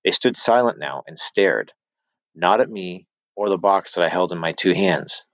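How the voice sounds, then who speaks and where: A man reading a novel chapter aloud as an audiobook narrator, steady storytelling with voiced dialogue. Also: low-pitched, moderate pace, dry recording. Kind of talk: scripted narration.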